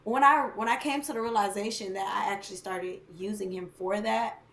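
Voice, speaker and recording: A woman's voice: medium pitch, steady tone, a little fast, fairly bright tone. A woman co-hosting a podcast, telling a candid, confessional personal story in casual chat. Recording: echoey room with faint ambient noise.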